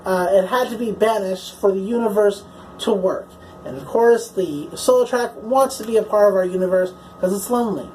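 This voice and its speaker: A woman's voice: mid-range voice, moderate pace, darkish tone, a little hiss or hum, rough recording. A woman casually recapping a TV episode as a reviewer, chatty and swearing freely, filling her talk with "like" and "you know".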